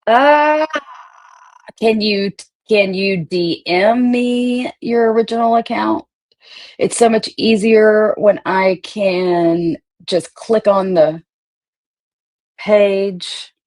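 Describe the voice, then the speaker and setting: A woman's voice: medium pitch, fairly even intonation, drawn-out words, a little mellow. A woman hosting a casual livestream, greeting viewers by name and swearing freely. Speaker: livestream host.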